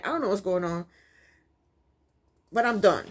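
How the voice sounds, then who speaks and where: Sassy, lively woman recapping reality TV. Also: medium pitch, a little slow. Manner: opinionated, sassy and exasperated. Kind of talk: casual commentary.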